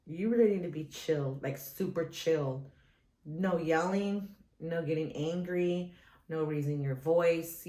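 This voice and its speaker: A woman's voice: low-pitched, darkish tone. A woman in her thirties vlogging casually about her recovery, rambling with many restarts, her chest sore after surgery. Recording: echoey room.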